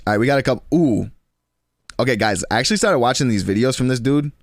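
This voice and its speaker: A young man in his twenties chatting casually on a stream, slangy and rambling, with quick restarts. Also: medium pitch, lively intonation, no room sound, clean studio sound.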